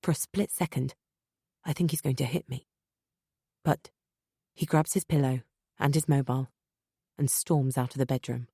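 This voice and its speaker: Low-voiced woman reading a thriller. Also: moderate pace, long pauses, dark tone, slightly rough, no room sound, clean studio sound. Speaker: audiobook narrator. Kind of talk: first-person thriller narration.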